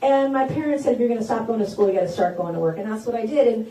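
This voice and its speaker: A woman's voice: fairly high pitch, racing, mellow. A woman in her forties gives a campaign stump speech, telling folksy personal stories that build to rousing declarations. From South Carolina. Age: 40s. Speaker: politician at a campaign town hall. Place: event hall with an audience. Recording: echoey hall, voice caught from a distance.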